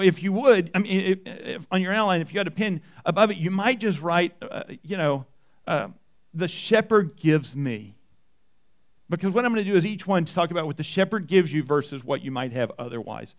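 A man preaching a sermon as pastor, conversational, restarting and repeating words, brisk but slowing down for emphasis. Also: fairly high pitch.

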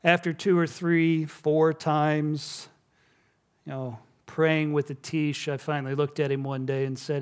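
A man preaching a sermon, telling stories and dropping to a hush on key lines. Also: fairly high pitch, little pitch movement, measured pace, clean tone. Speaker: pastor.

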